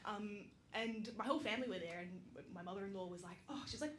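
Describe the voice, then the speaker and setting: Chatty Australian speaker with roomy echo. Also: female voice, on the low side, quick pace, fairly bright tone. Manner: chatty and self-deprecating, laughs often, many ums. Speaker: speaker at a community vigil. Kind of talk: casual storytelling speech. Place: public gathering in a roomy space. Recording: roomy echo with background noise.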